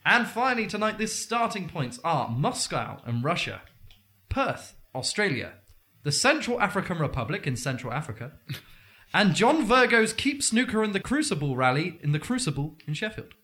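A man hosts a comedic mock game show with a playful, laugh-prone delivery. His voice sits high and swoops animatedly from line to line. The tone is bright and forward. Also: very animated, moderate pace. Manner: playful, often laughing mid-sentence.

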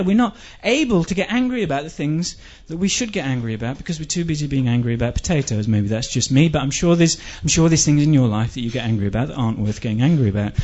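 Brief: male stand-up, high voice, rambling and stammering, muffled lo-fi live recording. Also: darkish tone. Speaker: stand-up comedian. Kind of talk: stand-up comedy.

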